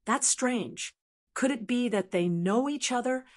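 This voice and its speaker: A woman's voice: fairly high pitch, measured pace, pitched above the performer's own voice, natural voice. A woman voicing a curious male vice commander, asking plain questions.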